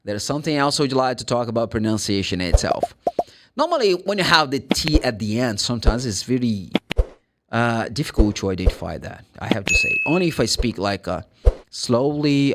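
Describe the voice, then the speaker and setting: Heavy background noise surrounds a medium-pitched, slightly fast Brazilian man as he teaches English pronunciation. In a casual, animated way and with a Brazilian Portuguese accent, he acts out mini dialogues and spells words letter by letter.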